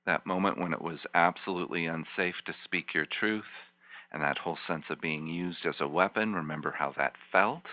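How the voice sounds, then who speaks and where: A man, a healing practitioner, leading a volunteer through slow guided imagery with soft, repetitive, soothing coaching. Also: low-pitched, dry recording. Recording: dull lo-fi teleconference line.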